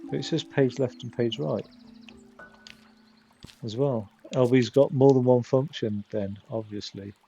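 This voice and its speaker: A man's voice: mid-range voice, steady tone, measured pace, creaky, long pauses, warm tone, dull audio, soft background music. A man rambling in casual gameplay commentary, often stopping and restarting his sentences. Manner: rambling, self-interrupting chatter. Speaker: streamer.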